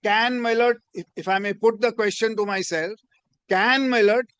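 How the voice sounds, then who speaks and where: A man's voice: sits high, fairly even intonation, moderate pace, fairly bright tone, clear, resonant tone, no echo. A man arguing before a judge in a courtroom, deferential and formal, inserting "my lord" into nearly every phrase. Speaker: advocate.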